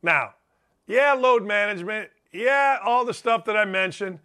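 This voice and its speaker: A man's voice: high-pitched, animated, measured pace, bright, forceful tone, smooth. A middle-aged man hosting a sports talk show, delivering a brash, rambling monologue and calling out to chat viewers.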